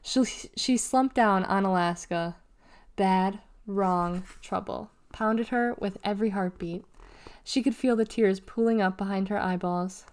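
Woman reading a kids book out loud, steady, middle pitch. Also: a little slow. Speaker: reader. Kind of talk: reading a children's novel aloud.

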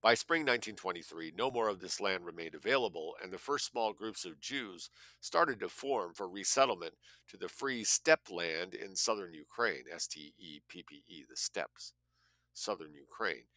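Man, deep voice, tense edge, audiobook reading, blunt asides, spells out words. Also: lively intonation, moderate pace, sharp tone, dry recording. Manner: spells out words letter by letter and adds blunt comments. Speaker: audiobook reader. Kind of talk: reading nonfiction aloud with spoken asides.

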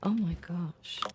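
Her voice is on the high side with a dark tone, and there's a bit of hiss or hum in the recording. She's a streamer doing a casual let's-play, gushing and often exclaiming over faint game music.

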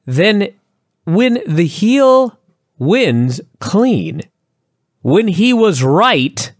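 A man co-hosting a casual review podcast, talking in a profane, sarcastic and animated way. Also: sits high, extremely slow, no echo, studio quality. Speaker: podcast co-host.

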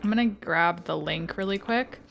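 A woman's voice: on the low side, normal speed, vocal fry, a bit bright, slight background noise. Upbeat woman chatting on a fan video call. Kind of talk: casual chat.

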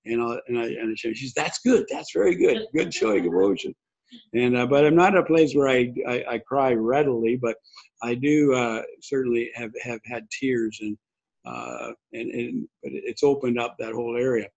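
Older man, pastor, husky voice, halting conversational sermon, dull lo-fi sound. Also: medium pitch, steady tone, a little mellow. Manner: rambling, many restarts and fillers. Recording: dull lo-fi recording.

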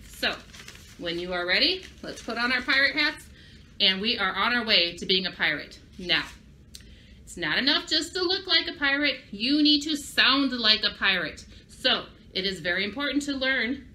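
A woman's voice: a little high, pushed and bright, a little hiss or hum. A woman librarian giving a children's craft and story lesson, upbeat and speaking directly to young kids.

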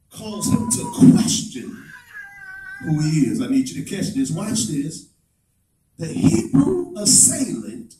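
A male pastor preaching a sermon, building to shouted runs of repeated lines and then dropping to low, quiet asides. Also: wildly swooping pitch, takes it slowly, reverberant, distant mic, rough recording. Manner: repetitive call-and-response cadence.

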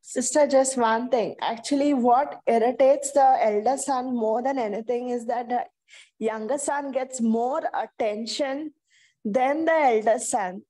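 High-voiced woman raising a question. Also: unhurried, mellow. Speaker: participant asking a question.

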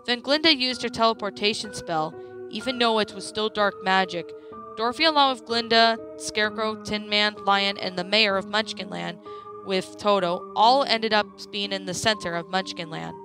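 A woman narrating a creepypasta story in a plain, steady reading voice. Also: medium pitch, normal speed, music in the background.

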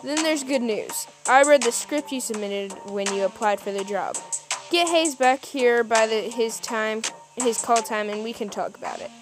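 A woman voicing a bossy, sharp-tongued male film director who scolds his staff, with music playing underneath. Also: on the high side, normal speed, close to an everyday voice. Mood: brisk.

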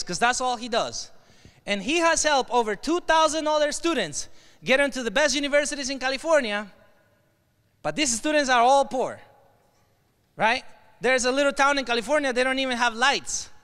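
Mexican-accented male keynote speaker, smooth resonant high voice, rousing call-and-response delivery in an echoey hall. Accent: Mexican Spanish. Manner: call-and-response with the audience, bursts of shouting. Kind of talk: energetic motivational speech to a crowd. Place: large hall at a leadership conference. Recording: echoey hall, long reverb.

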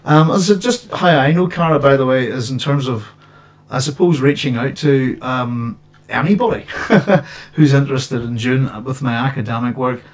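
A man's voice: medium pitch, moderate pace. Male host, casual, meandering chat from his home setup. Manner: rambling, many restarts and fillers.

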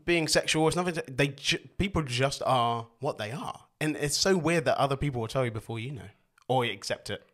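Relaxed posh English podcast host. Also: male voice, mid-range voice, fairly quick, hardly any pauses. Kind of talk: casual podcast conversation.

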